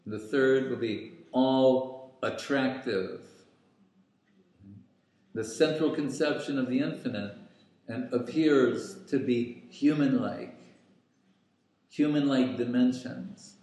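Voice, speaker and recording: A man giving a scriptural lecture in a very slow, deliberate way, pausing often with fillers. His voice sits in a middle register. It echoes heavily around a reverberant room. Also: medium pitch, darkish tone. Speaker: spiritual teacher.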